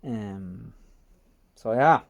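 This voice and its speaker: A man's voice: lowish voice, expressive, very slow, gravelly, no room sound, lo-fi sound. Man muttering wryly over a repair. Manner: mutters to himself while working, wry and self-mocking. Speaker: motorcycle restoration vlogger. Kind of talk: casual workshop commentary. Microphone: close mic while hands are busy.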